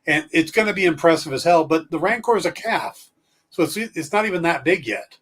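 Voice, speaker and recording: A man's voice: a little high, expressive, a little fast, fairly bright tone, slightly rough, distant mic. A man co-hosting a podcast, chatting casually and opinionated, rambling with fillers. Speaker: podcast co-host. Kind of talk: casual chat.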